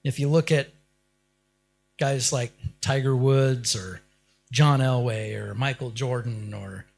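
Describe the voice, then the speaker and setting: A man's voice: mid-range voice, steady tone, takes it slowly, vocal fry, a little mellow, faint music behind. A man delivering a motivational keynote speech, firing rhetorical questions at the audience and building up to short, punchy lines. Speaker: keynote speaker.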